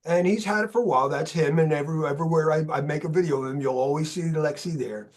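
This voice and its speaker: High, husky-voiced male podcast host. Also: fast talker. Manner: animated storyteller, swears freely. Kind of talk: casual chat.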